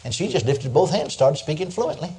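A man's voice: fairly high pitch, animated, brisk, warm tone. An older man preaching a sermon, telling stories in a folksy way and chuckling as he goes. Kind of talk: sermon with storytelling.

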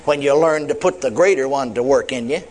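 A man's voice: mid-range voice, brisk, a little mellow. A man preaching a sermon, retelling a conversation and acting out both sides. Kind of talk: sermon with retold dialogue.

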